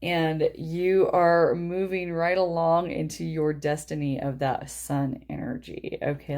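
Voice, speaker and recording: Low, mellow-voiced chatty woman. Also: flat delivery, unhurried, hardly any pauses. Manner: chatty and snarky, laughs often. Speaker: tarot reader. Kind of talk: casual tarot reading vlog. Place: living room.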